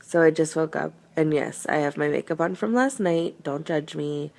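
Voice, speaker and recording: A woman's voice: sits low, vocal fry, a little mellow. A young woman chatting casually to camera in a vlog. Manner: slow, chatty, cooing baby talk to her puppy. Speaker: vlogger.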